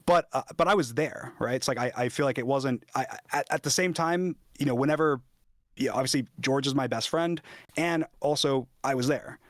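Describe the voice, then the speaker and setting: A man's voice: mid-range voice, brisk, no echo, clean studio sound. A young man talking in a casual debate on stream, hesitant, restarting his sentences and using many fillers.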